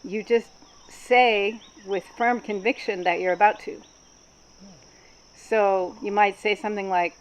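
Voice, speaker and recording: A woman facilitating a group workshop, explaining in a calm, explanatory way with frequent ums. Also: medium pitch, unhurried, lo-fi sound.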